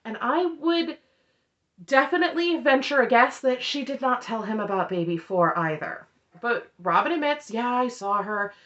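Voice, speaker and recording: A woman's voice: high-pitched, lively intonation, normal speed, a bit bright, muffled recording. A woman giving a casual, opinionated recap of a TV episode with a sarcastic, chatty manner. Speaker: recap commentator.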